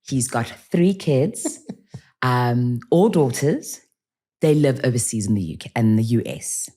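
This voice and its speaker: A woman in her forties, a podcast guest telling stories in casual interview talk, animated and acting out bits of dialogue. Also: very deep voice, a little slow. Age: 40s.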